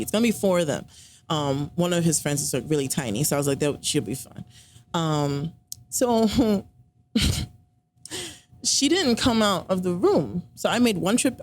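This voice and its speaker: A woman's voice: lowish voice, a little mellow, a little hiss or hum. A woman guest on a podcast, telling a personal story in casual chat, full of fillers and acted-out quotes. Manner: chatty, many fillers, acts out quoted dialogue.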